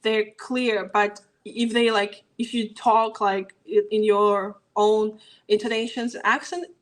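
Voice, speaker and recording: A woman guest on an interview, her first language Russian. She talks at a middle pitch in a loose, casual way, scattering "like" and restarting her sentences as she thinks aloud. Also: level tone, a little slow, low-quality recording. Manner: casual, filler-heavy with frequent "like". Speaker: guest, startup growth expert. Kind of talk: conversational interview.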